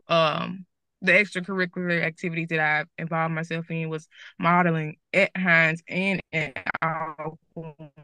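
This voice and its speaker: A woman's voice: fairly low pitch, bright, forceful tone, no echo. A young woman with a Southern American accent, a TV journalist guest, talking candidly and chattily about her career at a school event. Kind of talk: school career talk interview.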